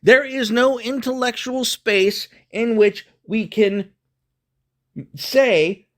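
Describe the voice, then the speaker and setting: A man's voice: extremely high pitch, fairly even intonation, takes it slowly. A man giving a profane, combative rant to camera as a political commentator, scornful and emphatic, often restarting his sentences. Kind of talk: ranting monologue to camera.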